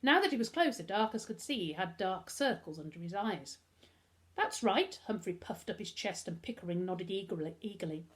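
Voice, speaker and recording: An English woman, a primary school teacher, reads a children's novel aloud chapter by chapter. Her storytelling is expressive and animated, with wide, lively swings in pitch. Her voice sits at an ordinary middle pitch for a woman. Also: brisk, hardly any pauses. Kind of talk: reading a children's book aloud.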